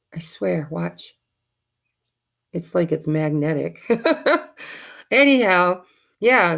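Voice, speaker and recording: A woman's voice: deep voice, vocal fry. A woman giving a chatty, encouraging tarot reading with spiritual advice. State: has the hiccups. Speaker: tarot reader.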